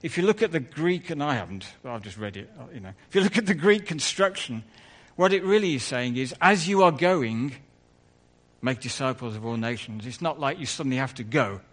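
A man's voice: fairly high pitch, big pitch swings, fast, hardly any pauses. A man preaching a conversational sermon in church, full of asides and self-corrections.

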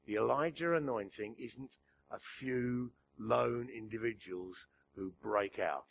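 A male preacher in mid-sermon, speaking slowly and deliberately at a mid-range pitch. He leans hard on key lines, then sinks to a hushed near-whisper, and laughs softly at his own asides. A faint hum sits under the recording. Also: creaky. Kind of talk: sermon to a church gathering.

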